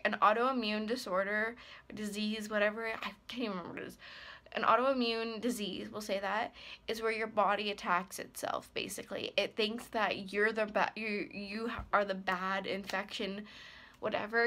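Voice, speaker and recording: Hesitant young woman, bright voice. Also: mid-range voice. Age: 20s. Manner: hesitant, rambling, many fillers. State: worried and upset. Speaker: ASMR creator. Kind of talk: personal vlog talk.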